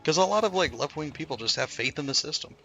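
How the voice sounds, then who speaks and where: Gravelly, bright-toned man chatting. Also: a little high, expressive, fast, soft background music. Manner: rambling, profane, lots of fillers. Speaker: gaming streamer. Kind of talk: casual chat while gaming.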